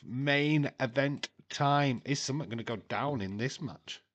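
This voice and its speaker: A man's voice: mid-range voice, measured pace, muffled recording. A man hosting a live watch-along stream, chatting casually, laughing and making puns. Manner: chatty and jokey, laughing at his own puns. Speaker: livestream host.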